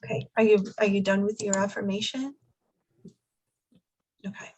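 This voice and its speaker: A woman life coach teaching an online class from home over a video call. She explains each step patiently and checks that the group is following, in a mid-pitched voice. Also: fairly even intonation, normal speed, darkish tone, a little hiss or hum, rough recording. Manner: coaching, encouraging, checks understanding.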